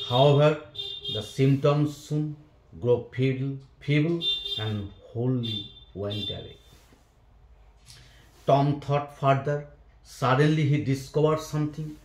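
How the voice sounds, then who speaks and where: A man slowly reading a story aloud for a lesson, halting now and then and clearing his throat. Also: mid-range voice, darkish tone. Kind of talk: slow classroom read-aloud of a story. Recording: echoey room.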